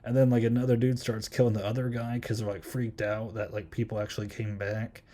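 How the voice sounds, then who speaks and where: A man's voice: lowish voice, little pitch movement, fairly quick, mellow. A man hosting a podcast, chatting casually through a horror film review and rambling with many ums and likes. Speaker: podcast host.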